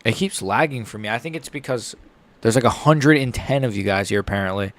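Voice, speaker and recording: A man's voice: fairly low pitch, fairly quick, a bit bright. A young man hosting a casual live reaction stream, rambling and stumbling over his words as he chats. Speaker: livestream host.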